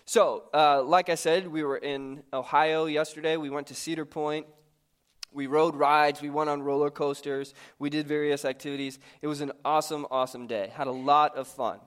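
Pastor, thirties, male, slightly high voice, chatty and self-mocking while telling a sermon story. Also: normal speed, smooth. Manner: lively, conversational and self-mocking.

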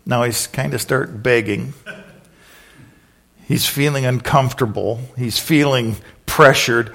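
A man preaching a sermon, retelling scripture in a lively storytelling way and acting out the voices. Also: mid-range voice, slow, vocal fry. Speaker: pastor.

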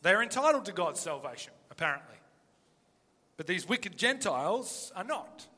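A man preaching an animated, emphatic sermon full of rhetorical questions. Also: high-pitched, moderate pace, in a large hall.

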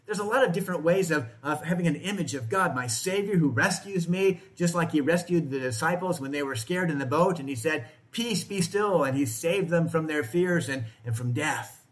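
Male pastor, slightly higher voice, conversational sermon delivery. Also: a little fast. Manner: conversational, asks the congregation questions. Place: church, in front of a congregation.

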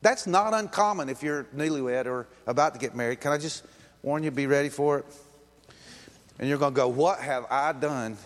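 A man's voice: a little high, brisk, in a large hall. A man preaching a sermon in a casual, conversational way, acting out quoted voices and chuckling as he goes. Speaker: pastor.

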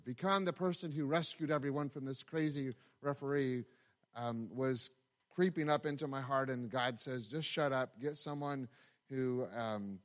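A pastor preaching a sermon in a conversational, storytelling way, with asides to the congregation and frequent repeated words. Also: male voice, medium pitch, fairly bright tone.

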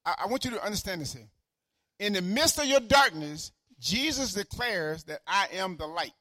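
Older male pastor, fiery repetitive sermon delivery, high bright voice. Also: sing-song, moderate pace, no echo, clean studio sound. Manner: fervent preaching, swings from shouting to quiet asides; repeats phrases for emphasis.

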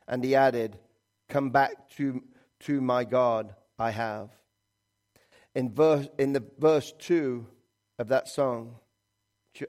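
Slow, earnest male preacher. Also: medium pitch, a little mellow. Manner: earnest, halting, with restarts and quoted prayers. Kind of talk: sermon.

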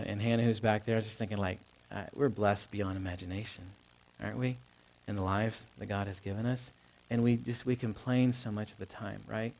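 A man's voice: mid-range voice, a little mellow. A young man preaching a sermon as pastor, in a casual, conversational way with many fillers and asides.

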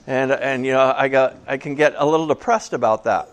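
A man's voice: fairly high pitch, quick pace, fairly bright tone. A man preaching a casual sermon to a small church, chatty and joking, asking the congregation questions. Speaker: pastor.

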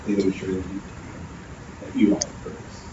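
A man's voice: low-pitched, completely flat delivery, brisk, mellow. A man preaching a sermon, earnest and storytelling, often repeating himself. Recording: distant, dull, noisy echoey hall.

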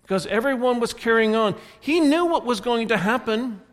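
A man's voice: very high-pitched, lively intonation, normal speed. A man preaching a sermon as a pastor, retelling a story and acting out the characters' lines. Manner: storytelling, voicing the characters in quotes. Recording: long hall reverb.

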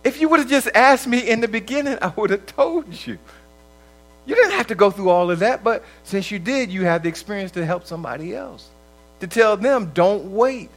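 A man's voice: high-pitched, lively intonation, a little fast, rough recording. A man preaching a conversational sermon, acting out quoted voices and laughing often.

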